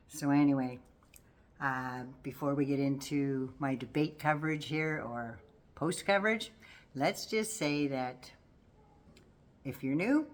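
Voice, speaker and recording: An older woman with a low voice talks casually about politics. She is folksy and sassy, and she teases as she goes. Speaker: political commentary vlogger.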